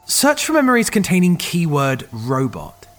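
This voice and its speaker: An actor playing a technician with a dry, wry way of talking and quick asides. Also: male voice, on the high side, wildly swooping pitch, a bit bright.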